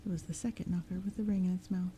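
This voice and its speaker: Woman, soft-spoken audiobook reading, gentle, calm, mellow, slightly low voice. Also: very fast, low-quality recording. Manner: gentle, calm, slips into whispers. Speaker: audiobook reader. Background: thunderstorm sounds.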